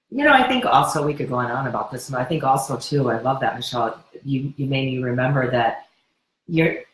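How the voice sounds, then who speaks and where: A woman hosting a live wellness course Q&A, talking in an earnest, encouraging way with frequent restarts. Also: rumbling low. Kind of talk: live webinar Q&A. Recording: roomy echo.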